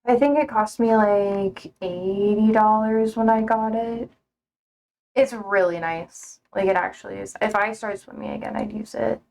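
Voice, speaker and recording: A woman's voice: medium pitch, fairly even intonation, a little slow, gravelly, darkish tone. A young woman live streaming from home, chatting casually in a rambling, easygoing way, swearing offhandedly and laughing easily.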